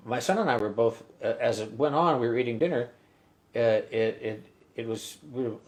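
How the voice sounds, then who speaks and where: A man's voice: medium pitch, darkish tone. A middle-aged man casually telling a story between songs on his live stream, rambling with many halts and restarts. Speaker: musician hosting a live stream. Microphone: webcam stream mic.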